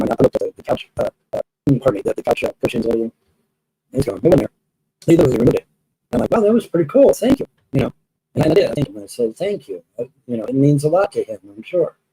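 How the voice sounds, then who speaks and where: A man's voice: mid-range voice, dark tone, low-quality recording. A man telling stories in a rambling casual monologue, repeating himself and swearing freely. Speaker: storyteller recounting experiences.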